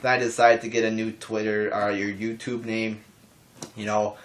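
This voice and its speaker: Young guy ranting into his camera, lowish voice, rambles and restarts a lot, swears casually. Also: normal speed, a little hiss or hum. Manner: calm, even talking voice. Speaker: wrestling YouTuber. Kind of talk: casual response vlog.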